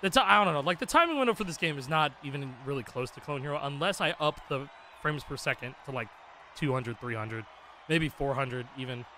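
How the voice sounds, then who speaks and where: High-voiced man streaming a rhythm game. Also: lively intonation, fairly quick, a little hiss or hum. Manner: rambling, loose and profane, full of "like" fillers. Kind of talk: casual live-stream chat. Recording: game music playing loudly behind.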